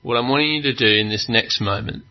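A man preaching a sermon, earnest, with long pauses, building to fervent emphasis. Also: medium pitch, muffled recording.

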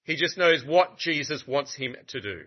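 Animated, joking male preacher. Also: on the high side, moderate pace, breathy edge. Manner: animated, conversational and humorous. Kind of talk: sermon. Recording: muffled lo-fi recording.

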